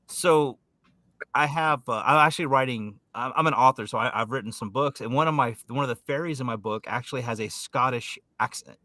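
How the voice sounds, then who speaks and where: A British man co-hosting a casual online chat, his voice bright and forward. He is recorded dry and close, and he teases and stumbles over his words as he jokes along. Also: mid-range voice, a little fast, no echo. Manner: joking, stumbling restarts. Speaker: co-host.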